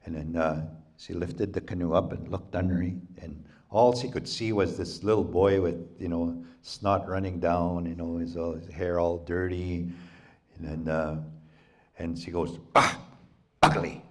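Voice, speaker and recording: A male storyteller from Canada telling an oral folktale at a library talk, unhurried and halting, with many "you know"s. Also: sits low, level tone, darkish tone.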